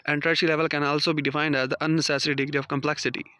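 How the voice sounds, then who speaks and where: A man's voice: a little high, flat delivery, very fast, pushed and bright. A man teaching a lesson, reading out definitions and numbered points like a prepared lecture. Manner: reads out numbered points, non-native phrasing. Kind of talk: read-aloud lecture.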